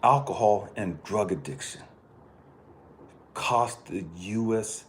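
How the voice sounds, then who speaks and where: A man's voice: lowish voice, takes it slowly, long pauses, slight background noise. Blunt, impassioned man from California. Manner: blunt, profane and impassioned, swinging from quiet to loud. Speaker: channel host. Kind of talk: personal monologue.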